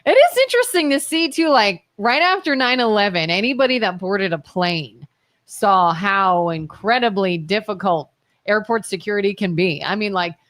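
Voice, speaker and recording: A woman's voice: mid-range voice, lively intonation, moderate pace, fairly bright tone, no room sound. Argumentative woman co-hosting live talk. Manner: argumentative, fires rhetorical questions. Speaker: talk show co-host. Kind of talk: live talk radio debate. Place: talk show studio.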